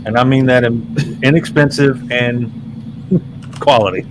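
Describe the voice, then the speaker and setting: A man's voice: mid-range voice, steady tone, measured pace, noisy background. A man co-hosting a casual chat over a video call, with a dry joking manner. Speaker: podcast co-host.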